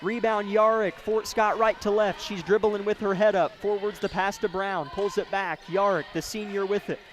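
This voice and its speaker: High-voiced, excitable play-by-play man. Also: a faint crowd. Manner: rapid, excitable calls that rise to shouts on big plays. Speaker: play-by-play announcer. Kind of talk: radio basketball play-by-play. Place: high school gym, courtside. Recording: noisy gym broadcast feed.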